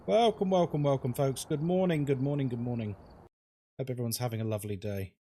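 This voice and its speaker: A man's voice: medium pitch, fairly quick, mellow, a little hiss or hum. A man streaming a horror game, chatting casually, greeting viewers and laughing often. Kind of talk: casual live-stream chat.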